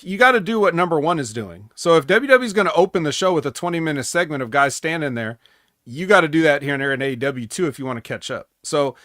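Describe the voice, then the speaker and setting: A man's voice: on the high side, fairly bright tone, no room sound, studio quality. A man co-hosting a casual wrestling recap podcast, rambling with sarcastic asides. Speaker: podcast co-host.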